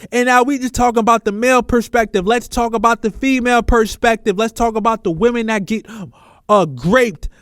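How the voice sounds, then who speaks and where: A man's voice: sits high, no echo, studio quality. A man, talking emphatically and repeating himself as a commentary host. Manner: emphatic, repetitive, conversational. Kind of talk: street culture commentary.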